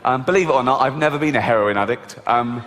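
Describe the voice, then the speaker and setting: A man's voice: mid-range voice, fast, fairly bright tone. A man doing a stand-up routine on stage before a live audience, with dry, sardonic storytelling. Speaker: stand-up comedian. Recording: reverberant venue with crowd noise.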